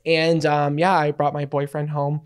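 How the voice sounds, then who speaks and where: A man's voice: a little high, moderate pace, clear, resonant tone. Theatrical young man telling stories. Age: 20s. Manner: theatrical, animated storyteller; cheeky, playful joking. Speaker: podcast co-host. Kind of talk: casual podcast chat.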